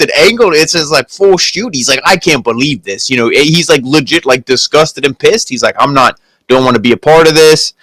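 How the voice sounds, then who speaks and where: A man's voice: on the high side, a bit bright, dry recording, low-quality recording. A man from Pennsylvania, co-hosting a casual review chat in a laid-back way and acting out quoted lines. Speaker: podcast co-host.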